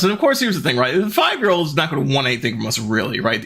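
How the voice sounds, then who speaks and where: A man's voice: a little high, expressive, fast talker, sharp tone. A man, chatting casually with viewers on his live stream, laughing often and greeting chat.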